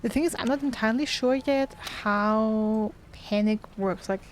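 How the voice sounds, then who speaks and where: A woman's voice: a little high, measured pace, slight background noise. A woman playing a game and thinking aloud in casual let's-play commentary. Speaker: gaming streamer.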